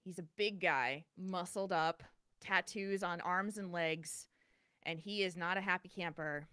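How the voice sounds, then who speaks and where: Woman, podcast co-host, casual storytelling, animated, bright tone, dry close sound. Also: on the low side, measured pace, clean tone, no room sound. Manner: animated, vivid retelling with many restarts.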